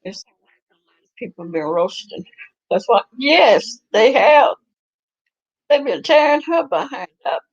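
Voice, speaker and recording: A woman's voice: on the high side, big pitch swings, slow, long pauses, muffled recording. A woman hosting a casual chat, laughing often and reacting to what she is listening to. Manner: laughing, gossipy reactions to a livestream. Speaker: host.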